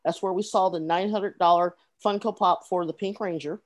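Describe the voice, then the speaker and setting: A woman co-hosting a podcast in casual chat, sharing convention stories with quick asides. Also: on the low side, steady tone. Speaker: podcast co-host.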